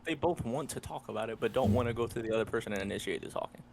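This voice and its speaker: A man's voice: mid-range voice, rapid-fire, gravelly, darkish tone, slight background noise. A young man on a podcast, chiming in and relating his own story in bursts. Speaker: podcast co-host. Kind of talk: casual candid chat.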